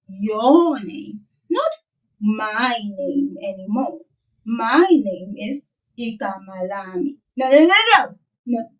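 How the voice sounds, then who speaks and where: Slow-speaking woman teaching children. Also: a little high, recorded from a distance, poor audio. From South Africa. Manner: warm, playful, drawn-out modeling of words with laughter. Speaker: language teacher. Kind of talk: slow, clear children's language lesson.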